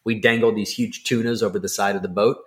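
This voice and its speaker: A man co-hosting a podcast, telling a story in a casual, excitable, rambling way with lots of fillers. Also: on the low side, quick pace. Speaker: podcast co-host.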